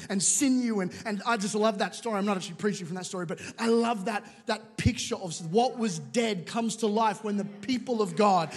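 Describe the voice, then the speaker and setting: A man preaching a sermon, telling jokey stories with quick asides to a church auditorium. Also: high voice. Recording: large hall with long reverb.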